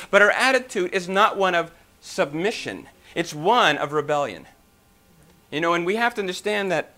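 A man's voice: sits high, pushed and bright. A man preaching a sermon, talking emphatically with rhetorical questions and a few restarts.

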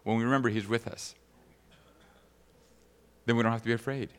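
A man's voice: medium pitch, steady tone, fairly quick, long reverb tail. A man preaching a sermon as pastor, reading scripture aloud and then speaking conversationally to the congregation.

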